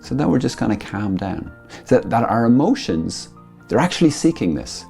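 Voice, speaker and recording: A man's voice: lowish voice, creaky. A man, a Catholic priest, giving a conversational spiritual talk, explaining with everyday family examples and acting out quoted voices. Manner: acts out quoted voices with lively rises.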